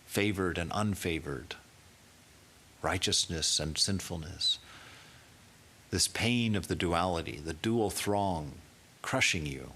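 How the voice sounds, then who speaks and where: A swami giving an emphatic sermon, building through rhetorical questions. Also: male voice, low voice, slow pace, pauses often, bright, forceful tone, husky.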